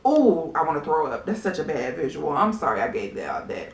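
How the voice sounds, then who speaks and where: A woman giving a casual, sassy TV episode review in a blunt, animated way, often laughing. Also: deep voice, brisk. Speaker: reality TV recap vlogger. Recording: echoey room.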